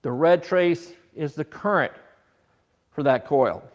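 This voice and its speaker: A man's voice: fairly high pitch, expressive, slow pace. A man teaching an automotive technical seminar, explaining scope patterns with rhetorical questions and frequent restarts.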